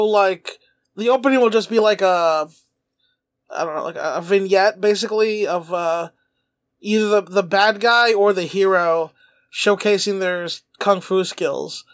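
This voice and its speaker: A man co-hosting a podcast, talking in a loose, rambling way full of fillers and laughs. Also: high-pitched. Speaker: podcast co-host. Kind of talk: casual chat.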